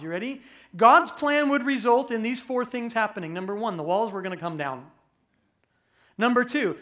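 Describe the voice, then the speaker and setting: A man preaching a conversational, animated sermon as pastor, acting out quick voices for humor. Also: high voice.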